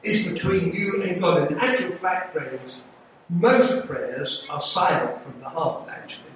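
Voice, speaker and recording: A man's voice: sits high, lively intonation, unhurried. An older man with an English accent preaching an earnest sermon as an evangelist, pleading with the congregation and making small jokes. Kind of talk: sermon with altar call. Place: church sanctuary. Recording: echoey hall, mic far off, audible room noise.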